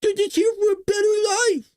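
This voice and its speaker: A man's voice: very high voice, level tone, moderate pace, a little mellow, voice pushed up. A man putting on a sarcastic, singsong voice to mock a naive liberal caricature.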